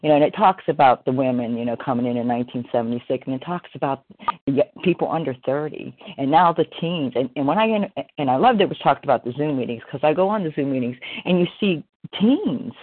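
A woman's voice: a bass voice, lively intonation, fast. Woman in her 60s sharing at a meeting, rambly and heartfelt, sounds like a thin phone line. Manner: rambling, heartfelt, full of "you know" fillers. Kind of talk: casual sharing at a recovery meeting. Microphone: video call.

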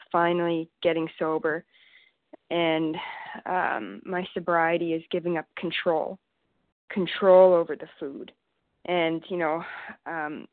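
A woman's voice: lowish voice, dry recording. Woman from canada sharing at a recovery meeting, lots of ums and restarts, tinny call audio, dry sound. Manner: halting, many fillers and restarts.

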